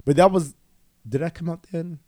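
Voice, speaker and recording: A man's voice: a little high, moderate pace, no room sound, clean studio sound. A man telling a personal story in casual chat, swearing often and acting out other people's voices. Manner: animated, profane, quotes others in voices. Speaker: guest.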